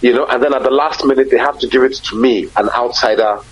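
A man's voice: medium pitch, fast, a little hiss or hum. A man, a broadcaster and conference moderator, talking in a casual interview, emphatic and repeating words as he searches for them. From Nigeria. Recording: husky voice on dull lo-fi audio.

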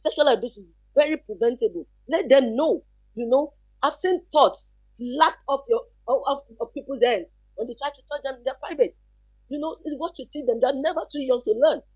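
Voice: high-pitched, slightly rough, dry recording. A guest talks emphatically about protecting children, hammering points home with rhetorical questions. The audio is dry and a little dull. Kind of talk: earnest advice on a talk show.

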